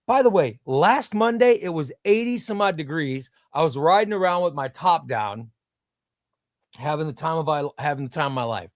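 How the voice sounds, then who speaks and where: Midwestern man hosting a livestream, chatty, reads chat aloud, fairly high voice, dry close sound. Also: no echo. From United States. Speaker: livestream host. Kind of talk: casual live-stream chat.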